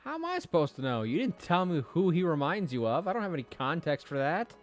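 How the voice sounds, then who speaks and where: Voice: mid-range voice, big pitch swings, fast talker. A streamer giving offhand, sarcastic commentary while playing a game. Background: game music.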